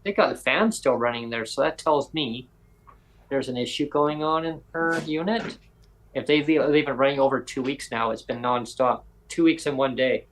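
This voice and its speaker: A man's voice: mid-range voice, normal speed, slight background noise, low-quality recording. A man hosting a podcast, telling a long story in casual chat and acting out other people's lines in quoted voices. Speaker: podcast host.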